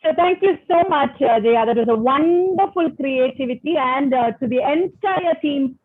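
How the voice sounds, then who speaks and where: A woman's voice: high voice, normal speed, no room sound. Effusive woman hosting, tinny call. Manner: effusive praise, repeated phrases. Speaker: session host. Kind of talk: online club session hosting. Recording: tinny phone-like video call.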